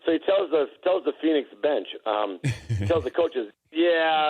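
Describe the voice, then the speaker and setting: A man's voice: a little high, expressive, measured pace, narrow, tinny audio. A man telling a story about a former teammate, stumbling and repeating words as he goes. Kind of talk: casual anecdote.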